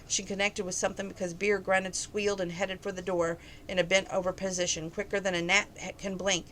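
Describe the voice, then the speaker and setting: A woman's voice: mid-range voice, little pitch movement, brisk, a bit bright, a little hiss or hum, rough recording. Woman reading a novel aloud, stumbling. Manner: plain reading with frequent stumbles and self-corrections. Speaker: reader of a novel.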